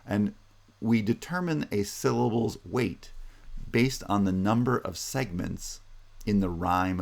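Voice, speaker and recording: A man giving a linguistics lecture, explaining patiently, repeating example words slowly and often checking with "right?". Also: low-pitched, vocal fry, darkish tone. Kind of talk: recorded university lecture.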